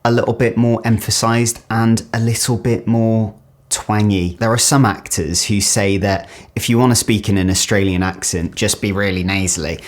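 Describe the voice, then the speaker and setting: Lowish-voiced guy doing a chatty, excited accent reaction video, casual and upbeat. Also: normal speed. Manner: enthusiastic and chatty. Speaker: YouTube host reacting to accents. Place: home studio.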